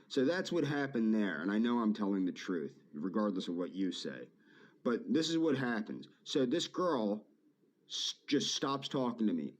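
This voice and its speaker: A man in a video rant, hurt and aggrieved, repeating his phrases as he addresses a former friend. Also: lowish voice.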